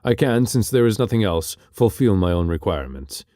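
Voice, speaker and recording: A man reading an audiobook, voicing a stately, formal foreign gentleman in uniform who speaks with a foreign accent and courtly politeness. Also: fairly low pitch, big pitch swings, no echo, studio quality. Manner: slow, formal, bowing politeness.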